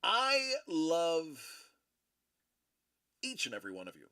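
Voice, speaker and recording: Male host, forties, slow and easy delivery, joking manner. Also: fairly high pitch, wildly swooping pitch, bright, forceful tone. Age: 40s. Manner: playful, teasing, jokey sign-offs. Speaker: host of a live card-opening stream. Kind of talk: casual live-stream chat.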